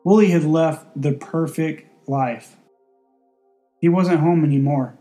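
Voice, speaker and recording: A man narrating a story in a steady, deadpan way. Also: a little high, slow, faint music behind.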